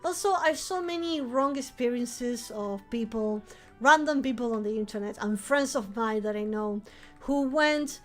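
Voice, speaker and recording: High-pitched woman w rambling on stream, lots of restarts n laughs. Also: normal speed, faint music behind. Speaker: vampire-themed streamer. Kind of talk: casual live-stream chat.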